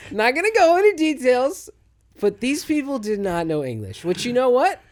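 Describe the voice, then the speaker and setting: A young man co-hosting a comedy podcast, telling a story in a casual, animated way and acting out both sides of the conversation. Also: very high voice, moderate pace. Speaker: podcast co-host.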